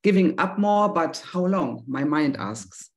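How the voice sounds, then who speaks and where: A woman's voice: low-pitched, expressive, unhurried. A middle-aged woman with a German accent, a native German speaker, hesitantly and nervously asking a teacher a personal question over a video call. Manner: hesitant, nervous, searching for words.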